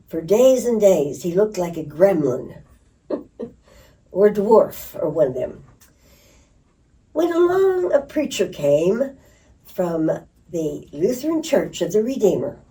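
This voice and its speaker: An older woman telling stories in an interview, laughing and acting out voices. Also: lowish voice. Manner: lively storyteller who laughs and acts out voices. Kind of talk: reminiscing storytelling. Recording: distant mic.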